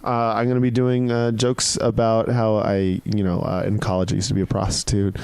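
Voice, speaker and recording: A man's voice: lowish voice, level tone, fairly quick, a little mellow, smooth, dry recording. A man guest-hosting a comedy podcast, joking and teasing in casual banter. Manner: jokey, teasing.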